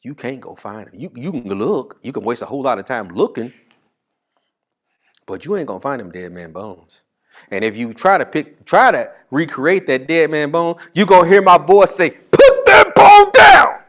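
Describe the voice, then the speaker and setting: A male pastor preaching a sermon in a casual, call-and-response style, reading scripture slowly and swinging from loud bursts to hushed asides. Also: mid-range voice, sing-song.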